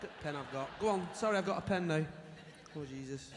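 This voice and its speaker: A man's voice: on the high side, fast, slight background noise. A man doing live stand-up, brash and exasperated, with plenty of swearing. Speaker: stand-up comedian. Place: large arena stage. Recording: echoey arena with loud crowd. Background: loud audience laughter.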